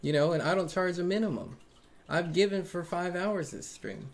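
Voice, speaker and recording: A tarot reader talks straight to a live-stream audience in an earnest, defensive way. The voice sits in a middle pitch, and speech is loose and conversational, full of fillers and repeated phrases that drive a point home. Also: lively intonation, normal speed, gravelly. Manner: frequent fillers like "right?" and "man". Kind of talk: casual live-stream talk to viewers.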